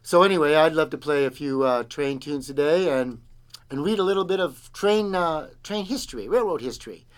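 A man's voice: fairly high pitch, lively intonation, normal speed, clear, resonant tone. A man hosting his own show, talking in a loose, rambling, jokey way and poking fun at himself. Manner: self-deprecating, rambling, jokey. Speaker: host and singer. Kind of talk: casual rambling monologue.

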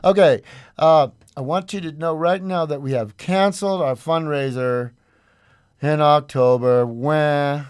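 A man's voice: on the high side, measured pace, clear, resonant tone. A man hosting a community radio show in a loose, joking, rambling way. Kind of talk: casual on-air radio chat.

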